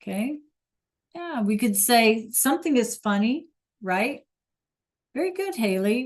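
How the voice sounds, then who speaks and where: A woman's voice: a little high, lively intonation, measured pace. A woman teaching a beginner Spanish class, praising students by name and checking that they follow along. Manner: encouraging, repeats praise and checks understanding.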